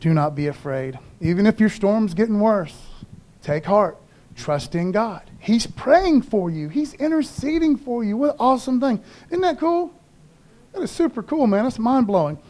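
A man's voice: high-pitched, lively intonation, moderate pace, a little mellow. A man preaching a casual, slangy sermon and acting out voices of the people in his story. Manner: laid-back slangy preaching, acts out voices.

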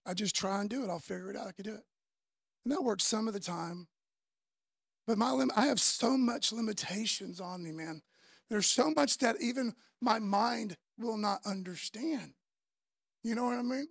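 A man, preaching a sermon in a loose, conversational way, often tagging lines with "man" and dropping from loud to soft. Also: extremely high pitch, gravelly, breathy edge, dry recording, studio quality. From Florida, US. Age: 50s. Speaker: pastor.

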